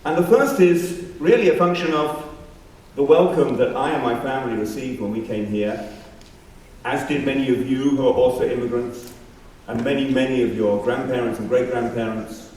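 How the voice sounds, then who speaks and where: Rabbi giving a measured assembly address with dry humor; distant mic, heavy hall echo. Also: male voice, mid-range voice, a little mellow. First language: not Australian-born. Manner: measured, wry asides. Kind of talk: formal speech. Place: large school hall. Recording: very echoey hall from far off, faint background noise.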